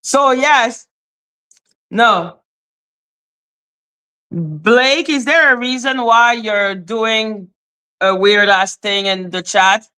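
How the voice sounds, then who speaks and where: Sassy, bright-voiced woman streamer. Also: drawn-out words, long pauses, clear, resonant tone. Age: adult, former high school teacher. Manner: blunt, profane and sassy, scolding the chat; big swings between high exclaims and low asides. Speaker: live stream host. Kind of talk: casual live-stream commentary.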